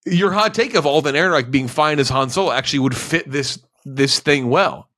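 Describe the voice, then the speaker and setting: Bright, rambling male podcast co-host, casual chat. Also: on the high side, brisk. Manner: rambling, self-correcting, laughs often.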